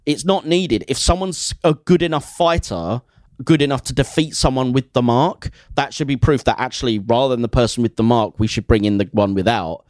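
A young man co-hosting a casual film review podcast, enthusiastic and quick to laugh. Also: mid-range voice, a little mellow, no echo, clean studio sound. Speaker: podcast co-host.

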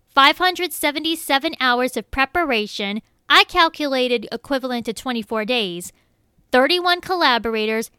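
A woman giving scripted music review commentary, reading out facts and figures in an even, measured delivery. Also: high voice, no room sound, clean studio sound.

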